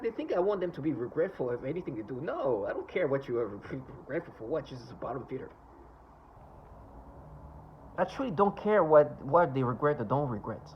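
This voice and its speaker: A man's voice: fairly high pitch, lo-fi sound, slight background noise. A man talking to camera in a rambling monologue, scornful and sarcastic, often stopping and restarting. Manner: halting, with many restarts and asides. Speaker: vlogger.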